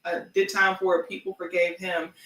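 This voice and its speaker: A woman's voice: lowish voice, flat delivery, normal speed, a bit bright, echoey room, recorded from a distance, poor audio. A woman co-hosting a podcast in casual chat, making dry, skeptical remarks. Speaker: podcast co-host.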